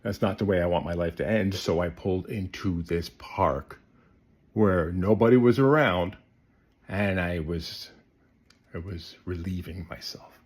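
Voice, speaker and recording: A man telling a comic story to the camera, swinging between loud bursts and hushed asides. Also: low voice, unhurried, husky.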